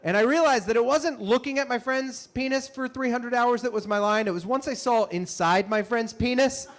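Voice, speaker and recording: A young man telling a comic story on stage, animated and self-mocking with quick asides. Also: very high-pitched. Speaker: comedian and storyteller. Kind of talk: live stand-up storytelling.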